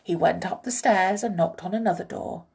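A woman reading a children's story aloud in an expressive, measured way. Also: mid-range voice, creaky.

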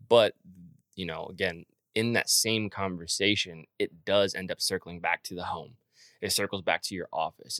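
A man's voice: sits low, creaky, pushed and bright, dry recording, studio quality. A man hosting a podcast interview in a casual, chummy way, laughing often and calling his guest "man" and "bro". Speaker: podcast host.

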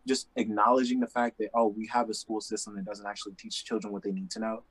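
Young male host, casual chat, emphatic and animated, dry close mic. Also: on the low side, husky, dry recording, poor audio. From Indiana, USA. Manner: animated, emphatic storytelling with quick asides. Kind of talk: casual conversation.

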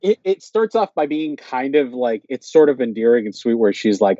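Male podcast co-host, rambling recap with quoted lines, dark tone, lo-fi dull mic. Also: medium pitch, normal speed, few pauses, no echo. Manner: rambling, quotes characters in raised voices. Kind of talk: casual chat recapping a TV episode.

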